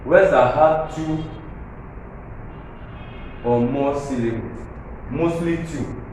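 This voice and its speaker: A man's voice: on the high side, slow pace, a little mellow. A male teacher with a Nigerian English accent, giving a grammar lesson and explaining points with repetition, counting syllables aloud and checking that his students follow. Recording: echoey room with faint noise.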